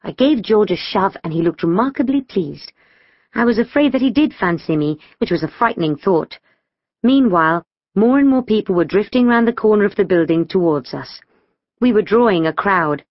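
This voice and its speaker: A woman reads a children's story in the first person, her pitch bouncing all over. The studio sound is dry and a little dull, close and without room echo. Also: normal speed. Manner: lively storytelling, voicing schoolgirl dialogue. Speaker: audiobook narrator.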